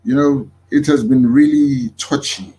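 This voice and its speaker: A man hosting a talk show, speaking haltingly with many fillers. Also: medium pitch, dark tone. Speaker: host.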